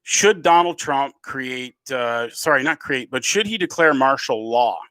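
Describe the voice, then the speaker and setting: A man's voice: medium pitch, expressive, unhurried, pushed and bright, dry recording. Man from canada, solo livestream host, rambling and heated, dry close sound. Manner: rambling, many fillers and restarts, heated. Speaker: podcast host. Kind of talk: casual solo livestream talk. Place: home room.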